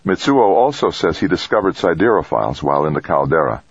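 A man's voice: deep voice, fast talker, breathy edge, no room sound, highs cut off, exaggerated voice. A man voicing a stranded male astronaut who sounds tense but in control. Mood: tense, controlled. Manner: terse, calm under pressure.

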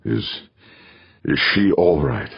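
A man with a deep, husky voice playing a proud, weary male engineer in exile, speaking tersely and holding himself back. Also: animated, takes it slowly, muffled recording, exaggerated voice. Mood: anxious. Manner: terse, restrained.

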